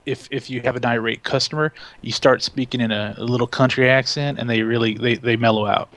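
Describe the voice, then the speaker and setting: A man's voice: mid-range voice, fairly even intonation, brisk, fairly bright tone, no echo. Wry man on a casual podcast. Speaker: podcast co-host. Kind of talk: casual chat.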